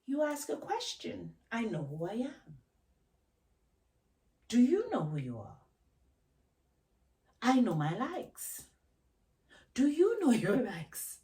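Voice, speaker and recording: A woman's voice: on the high side, wildly swooping pitch, slow pace, long pauses, dark tone, recorded from a distance, rough recording. A woman vlogger giving a reflective talk on self-knowledge, emphatic, asking rhetorical questions and repeating key phrases. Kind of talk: reflective solo talk to camera.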